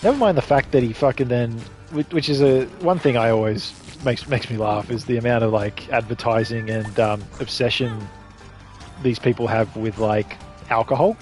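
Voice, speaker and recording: A man with an Australian accent chats casually while streaming a game, rambling between topics and swearing freely. His mid-range voice is steady and a little mellow at normal speed, with soft music playing in the background.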